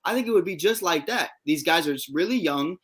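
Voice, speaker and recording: A man's voice: on the high side, lively intonation, a little fast, slight background noise. A man co-hosting a casual sports talk show, laid-back and joking. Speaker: co-host.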